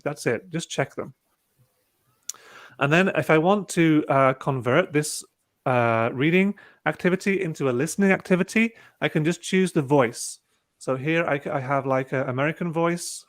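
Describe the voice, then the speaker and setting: A man leads an online workshop for teachers, explaining each step of a lesson-building tool in an unhurried, easygoing way. His voice sits a little high for a man, and he talks as if over a video call. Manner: relaxed, talks through clicks step by step with fillers. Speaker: presenter demonstrating a teaching platform. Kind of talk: casual online webinar demo.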